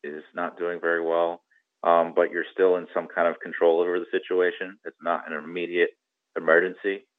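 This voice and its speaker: Deep-voiced man on a tinny line. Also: monotone. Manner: measured, explaining step by step with fillers. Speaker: guest expert on marine radio. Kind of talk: explanatory podcast interview.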